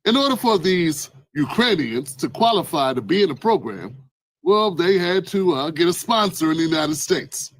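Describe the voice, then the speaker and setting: Wry, measured male commentator explaining. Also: fairly high pitch, lively intonation, no echo, poor audio. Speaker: online news commentator.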